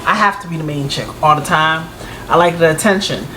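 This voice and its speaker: A woman's voice: low voice, a little fast, a bit bright, slight background noise. A woman hosting a reaction video, giving outspoken, slangy commentary. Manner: outspoken, slangy, scolding and joking by turns.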